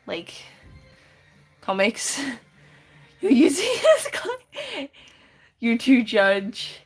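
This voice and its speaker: A woman's voice: fairly high pitch, very animated, takes it slowly, long pauses, soft background music. Giggly woman chatting on a drawing stream. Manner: giggly, chatty, reads chat aloud and answers with many restarts. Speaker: live-streaming artist. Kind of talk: casual live-stream chat while drawing.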